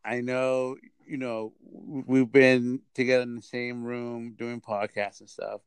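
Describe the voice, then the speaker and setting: Halting, clear-voiced man hosting a podcast. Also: medium pitch, flat delivery, no echo. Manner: rambling, halting, repeats himself. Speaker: podcast host. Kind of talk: casual podcast chat.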